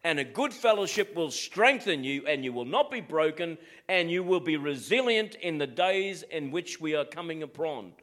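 A man's voice: on the high side, lively intonation, moderate pace, hardly any pauses, a bit bright. A middle-aged Australian man preaching a sermon as pastor, in a plain-spoken, direct way.

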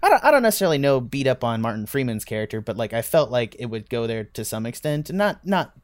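A man's voice: medium pitch, big pitch swings, fast talker, no room sound. A man with a mid-range voice thinks aloud on a casual podcast, hedging and circling back on himself. His voice sounds dry and close, with no room around it. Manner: rambling and hedging, frequent restarts, casual swearing. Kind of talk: casual podcast film discussion.

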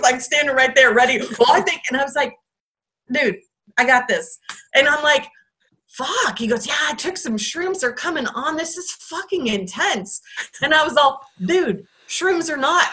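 Bright high-voiced woman telling stories. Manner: laughing, swears freely, acts out quotes. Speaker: guest, former volunteer ranger. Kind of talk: casual storytelling.

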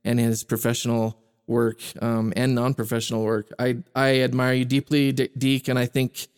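A man's voice: medium pitch, monotone, clean tone. A man hosting a podcast who talks casually, often hesitating and restarting with fillers. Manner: hesitant, halting, with many fillers. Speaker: podcast host.

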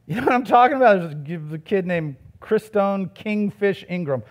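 A man's voice: sits high, animated, normal speed. A man who is a pastor, preaching a sermon in a conversational way that builds to emphatic, raised passages.

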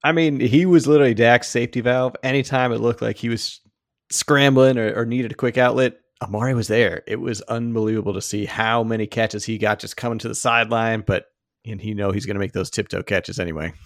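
A man's voice: mid-range voice, steady tone, brisk, no echo, clean studio sound. A man co-hosting a casual sports podcast, laid-back and playful, laughing often. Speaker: podcast co-host.

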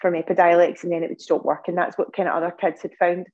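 A Scottish woman speaks as a podcast guest, recounting events earnestly with plenty of ums and restarts. Her voice sits low and stays fairly level, with a warm, mellow tone. The recording sounds a little dull and lo-fi. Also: level tone, fast. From Scotland. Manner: earnest storytelling with many fillers and restarts. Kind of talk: casual interview talk.

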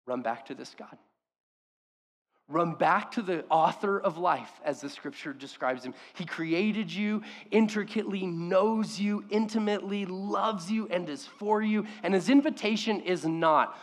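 A man preaching a sermon with passion, his voice sitting a little high for a man. He swings from loud, emphatic bursts down to quiet, hushed lines. The sound carries a long reverb from a large hall. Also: unhurried. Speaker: pastor.

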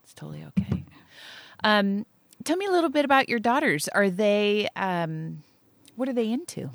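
A woman's voice: medium pitch, sing-song, moderate pace, dry recording. A middle-aged woman interviewing someone in a chatty, encouraging way, with frequent short affirmations. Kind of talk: casual interview.

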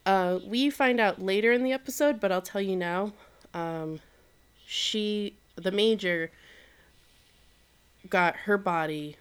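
A woman co-hosts a laid-back podcast, her voice smooth and clear at a middle pitch. She recaps an episode in loose, swear-sprinkled chat, full of fillers and asides. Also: slow pace, long pauses. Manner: relaxed, swears casually, lots of fillers. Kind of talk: casual chat.

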